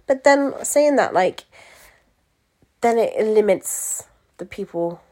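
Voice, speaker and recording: A woman's voice: medium pitch, animated, slow pace, a little mellow. A young woman, a pageant coach, talking candidly to her followers in a casual, chatty monologue full of fillers and asides. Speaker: pageant coach and event organiser.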